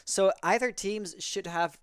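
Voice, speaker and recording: A man's voice: high-pitched, unhurried, fairly bright tone, clear, resonant tone, dry recording, studio quality. A man casting an amateur esports match in a casual, rambling way, often correcting himself mid-sentence. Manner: rambling, self-correcting, chatty. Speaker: esports caster. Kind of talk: casual game commentary.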